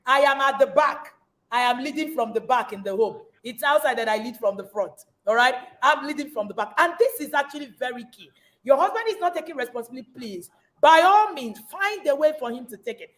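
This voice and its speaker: A woman with a fairly high voice hosts a parenting podcast. She speaks like a preacher, passionate and pointed, and breaks into emphatic bursts. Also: lively intonation, brisk, a bit bright. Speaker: podcast host.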